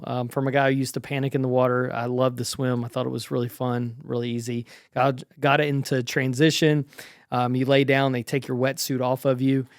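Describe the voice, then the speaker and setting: A man's voice: medium pitch, no room sound. Chatty man in his forties, dry close sound. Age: 40s. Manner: chatty, self-deprecating, lots of ums and restarts. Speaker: vlogger recapping his race. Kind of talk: casual spoken recap.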